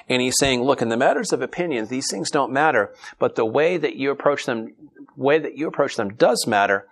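A middle-aged man preaching a relaxed, joking sermon. His voice sits in an ordinary middle pitch. He reads scripture and then talks it through plainly. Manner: conversational and humorous, reads scripture then explains it.

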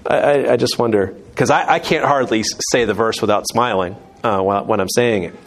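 A man's voice: on the low side, a little fast. A man leading a conversational Bible teaching, chatty, with joking asides and restarts.

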